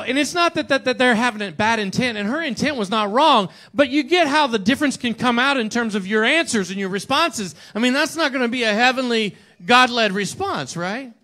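Preaching in church, this man has a high-pitched, sharp-toned voice and keeps his sermon conversational. He acts out quotes and frequently asks his congregation a rhetorical "right?"

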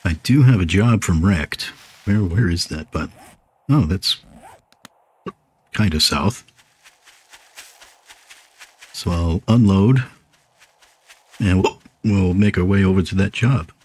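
A man with a low, husky voice talks through a survival game at an unhurried pace. He keeps getting the hiccups as he chats to himself and his viewers in a casual, rambling way. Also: darkish tone. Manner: chatty, talks to himself while playing. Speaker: gaming video host. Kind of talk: casual gameplay commentary.

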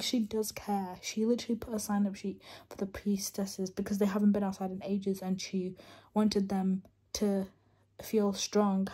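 A young woman chatting casually in a reading vlog, excited and laughing at times, sometimes dropping to a hush. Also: medium pitch. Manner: excited, chatty, laughs, drops to hushed tones. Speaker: book vlogger.

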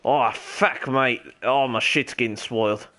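A young man in a put-on Australian accent rambles through a game session in character, cursing freely and hollering greetings at strangers. His voice sits at an ordinary middle pitch for a man. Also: unhurried. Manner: rambling, swears a lot, calls out loudly to other players. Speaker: streamer playing as a character. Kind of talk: in-character game role-play stream.

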